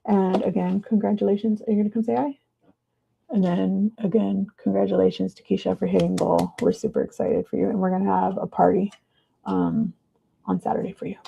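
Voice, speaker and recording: A woman hosting a live stream from her desk, chatting casually and breaking into high excited cheers, on a clip-on mic. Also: fairly quick, gravelly, slightly rough, lo-fi sound. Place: home desk. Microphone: clip-on mic in her shirt.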